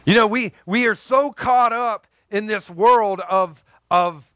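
High-voiced pastor preaching emphatically. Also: male voice, takes it slowly, a bit bright, clean tone, no room sound. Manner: conversational and emphatic, with repeats and asides. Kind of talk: sermon.

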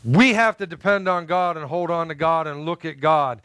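A man with a high, smooth and resonant voice preaching a sermon in a dry, close sound. He tells personal stories in an animated way, acts out the people in them and jokes with the congregation. He sounds middle-aged. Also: normal speed, dry recording. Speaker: pastor.

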